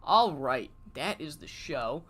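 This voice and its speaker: A streamer giving casual, rambling commentary while playing a wrestling management game, cursing freely and breaking into excited rants. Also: mid-range voice, slow pace.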